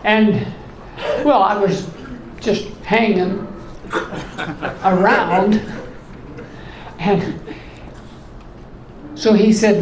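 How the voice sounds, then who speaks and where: A man in his eighties doing stand-up in a comedy club, telling deadpan one-liners in a voice left high by voice surgery. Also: very slow, pauses often. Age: 80s. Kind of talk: stand-up routine. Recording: echoey club with room noise.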